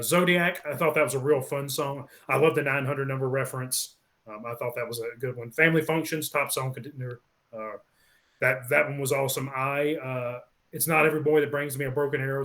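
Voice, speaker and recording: A man co-hosting a casual podcast, rambling through an album track by track with many pauses and fillers. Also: medium pitch, fairly bright tone. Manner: rambling, many ums, lists songs one by one. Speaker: podcast co-host. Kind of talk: casual album review chat.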